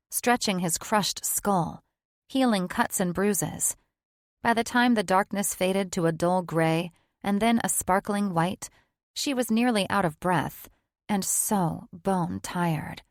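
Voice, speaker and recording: Female narrator for a romance audiobook, even pacing, dry studio, lower register. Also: no echo. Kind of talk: scripted narration.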